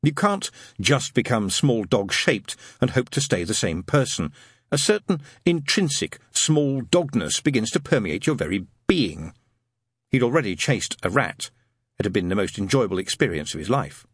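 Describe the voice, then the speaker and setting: Husky, expressive male audiobook narrator. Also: mid-range voice, normal speed, dry recording, clean studio sound. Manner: expressive, wry storytelling with many character voices.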